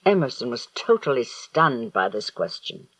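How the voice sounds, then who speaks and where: A man narrating an audiobook in a slow, deliberate storytelling manner. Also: medium pitch, very animated, fairly bright tone, no room sound, poor audio. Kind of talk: scripted narration.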